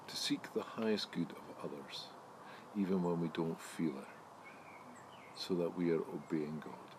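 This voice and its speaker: A man preaches from home in a friendly, chatty way, growing more animated when he tells a story. His voice sits low and deep. A faint noise runs under the recording. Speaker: pastor. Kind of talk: sermon with a told joke. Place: home during lockdown.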